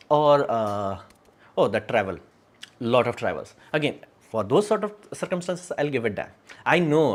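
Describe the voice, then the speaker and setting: A man hosting a casual livestream, talking frankly and rambling, with many fillers and frequent laughs. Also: lowish voice. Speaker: livestream host.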